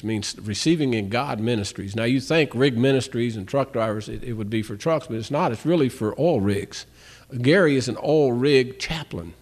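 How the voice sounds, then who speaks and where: A man with a drawl gives a Christian testimony in plain, folksy speech. He tells his stories by acting out both sides of each conversation, often restarting his sentences as he goes. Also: mid-range voice. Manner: storytelling, acts out both sides of dialogues. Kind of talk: spoken testimony.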